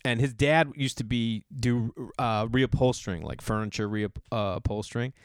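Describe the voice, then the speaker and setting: A middle-aged man from the US Northeast hosting a podcast. He tells a long personal story in a rambling, animated way, with lots of restarts and quick jumps into other people's voices. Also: mid-range voice, clear, resonant tone, no echo, studio quality. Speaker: podcast host. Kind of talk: storytelling monologue.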